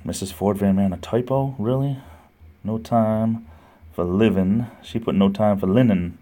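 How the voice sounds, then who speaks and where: Man, livestream host, rambling rants, lowish voice. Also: a little slow, warm tone. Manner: rambling, ranting, reads chat aloud. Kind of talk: casual live-stream chat.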